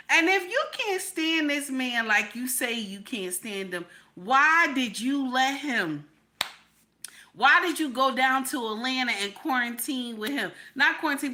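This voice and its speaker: High, bright-voiced woman ranting. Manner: emphatic, repeats questions, swears freely. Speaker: livestream reaction host. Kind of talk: heated reaction livestream commentary.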